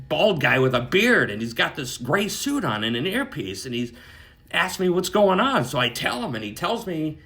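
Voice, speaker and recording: A man casually recounting a dream, swearing freely and tagging his sentences with "right?". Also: fairly high pitch. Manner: profane, animated, keeps adding "right?". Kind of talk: casual spoken storytelling.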